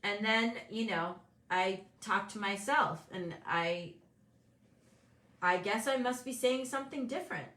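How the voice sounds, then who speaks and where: A woman's voice: medium pitch, unhurried, fairly bright tone, reverberant. A woman hosting a casual motivational talk show, speaking candidly and animatedly, acting out the voices of people she quotes. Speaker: host and business coach.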